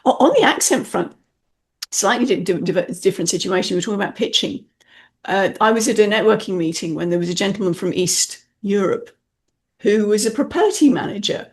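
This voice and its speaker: A UK woman who is a podcast host and message clarity specialist chats casually in an interview, telling stories in a playful, animated way. She speaks fairly quickly at a medium pitch.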